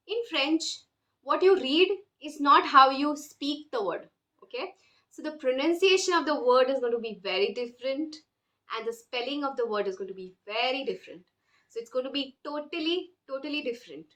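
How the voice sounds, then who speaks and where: A woman teaching beginner French online, slowly repeating each phrase for learners to copy. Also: sits high, pushed and bright. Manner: slow, drills phrases with repetition. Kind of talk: online language lesson.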